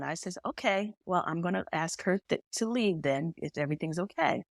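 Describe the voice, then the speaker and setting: Woman medium, really low voice, dry close sound, acts out the quotes as she tells it. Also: fairly quick, creaky, dry recording. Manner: animated storyteller who acts out quoted dialogue. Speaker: medium, podcast guest. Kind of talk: storytelling conversation.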